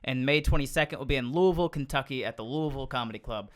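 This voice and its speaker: Man, podcast co-host, casual, rambling, joking, mid-pitched. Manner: loose, rambling, quick to joke.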